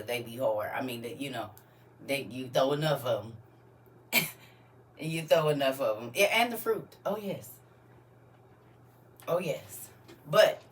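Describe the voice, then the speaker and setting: Woman livestream host, low voice, chatty and laughing, talks back to the chat. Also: slight background noise. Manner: chatty, laughs often, answers viewer comments. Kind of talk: casual livestream chat with viewers.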